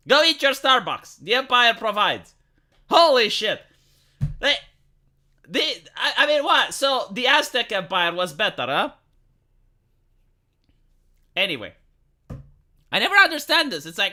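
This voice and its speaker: A very bright, sharp voice that swings widely in pitch. This live streamer rants in a profane, rambling way and often breaks into laughter at their own points. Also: big pitch swings, moderate pace, pauses often. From lives in Romania. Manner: profane, heated, rambling rant. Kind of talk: ranting live-stream commentary.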